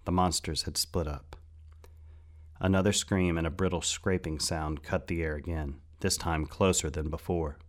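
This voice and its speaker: A man narrating a story aloud in a steady, measured reading style. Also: deep voice.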